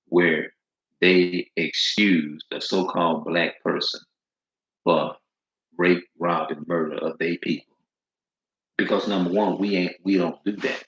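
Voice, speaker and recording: A man preaching informally and reading scripture aloud, emphatic and repetitive, in slangy speech that leans hard on stressed words. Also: low voice. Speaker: street preacher. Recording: echoey room, dull lo-fi sound.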